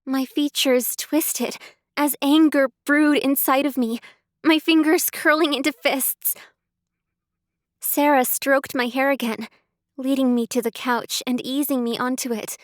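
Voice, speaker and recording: A woman narrating a first-person audiobook in a measured way, close to the mic. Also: high-pitched, fairly even intonation, no echo.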